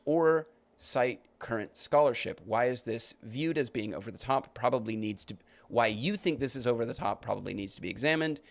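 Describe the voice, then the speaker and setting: This podcast host has a creaky, mid-range voice. Reading viewers' comments aloud during live-stream commentary, he argues against them, starting over again and again as he presses his point.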